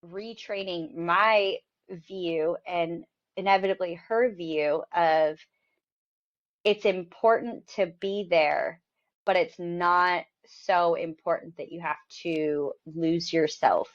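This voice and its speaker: A woman in her thirties hosting a casual podcast chat, animated and laughing often as she acts out her own past words. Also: lowish voice, slow pace. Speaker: podcast host. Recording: dull lo-fi sound.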